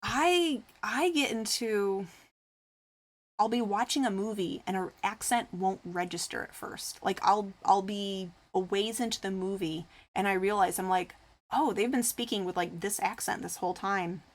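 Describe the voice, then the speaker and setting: A woman talks to her live stream audience in a loose, rambling way, peppering her sentences with fillers. She reads viewer comments aloud and responds to them. Her voice sits at an ordinary middle pitch. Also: unhurried. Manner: rambling and chatty, full of "like" fillers. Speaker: craft streamer. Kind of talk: casual chat with live viewers.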